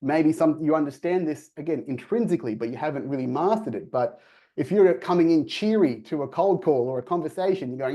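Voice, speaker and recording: Man, sales coach webinar, mellow tone, acts out dialogue. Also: fairly high pitch, fairly quick, muffled recording. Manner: energetic, acts out quoted dialogue in lively voices. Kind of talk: presenting to a virtual audience.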